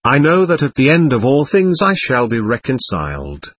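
A sly, sulking devil full of theatrical irony, read by a man. The voice is husky and swings widely in pitch, recorded close and dry with no room sound. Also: wildly swooping pitch, moderate pace, a bit bright, no room sound, exaggerated voice. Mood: ironic. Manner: ironic, theatrical, self-pitying musing. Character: sly mocking male devil, talkative and sulking. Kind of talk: audiobook reading of a novel.

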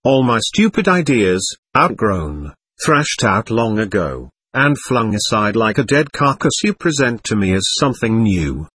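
A bitter, angry young man who snaps back in short retorts, as a man reads him. The voice is husky and lively in pitch, with a dry, close sound. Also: unhurried, no echo, heavily acted. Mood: weary. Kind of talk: audiobook reading of a novel.

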